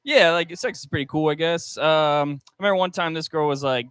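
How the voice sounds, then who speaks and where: Young man, stand-up comic, hesitant delivery full of ums, clear resonant voice, dry close stage mic. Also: on the high side, fairly bright tone, no room sound. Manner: halting, filler-heavy delivery with many ums and likes. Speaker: stand-up comedian. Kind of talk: stand-up set with crowd work. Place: restaurant comedy stage.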